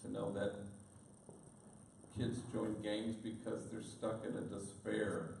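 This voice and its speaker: A man's voice: fairly low pitch, flat delivery, slow pace, creaky, slight background noise. Man telling stories in an echoey hall. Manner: warm storytelling, mixes in Spanish words. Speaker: priest giving a public talk. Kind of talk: storytelling speech. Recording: distant echoey room recording.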